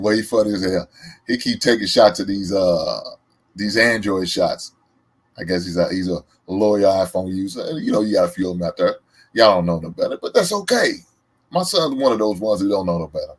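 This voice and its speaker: This reaction show host is a Southern man with a low, husky voice and a Southern accent. He delivers casual, emphatic commentary in an animated way, punctuated by loud laughs.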